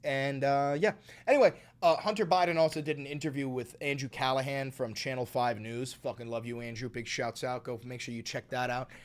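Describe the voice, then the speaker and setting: A man's voice: medium pitch, brisk. A man hosting a live-streamed political commentary show, reading news stories aloud and riffing on them with profanity. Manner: animated, profane, reads news aloud then riffs.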